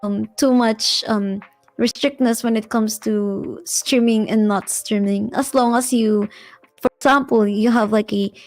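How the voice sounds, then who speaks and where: A woman's voice: a little high, fairly even intonation, unhurried, a little mellow, no room sound, soft background music. A young woman guest on an interview show, chatting casually, laughing often and hesitating with fillers. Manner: giggly, hesitant, lots of fillers.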